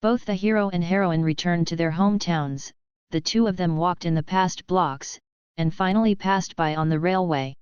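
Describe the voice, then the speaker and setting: A woman narrating a novel in an even, steady storytelling manner. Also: on the low side, moderate pace, smooth, no room sound. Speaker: audiobook narrator. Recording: dull lo-fi, dry.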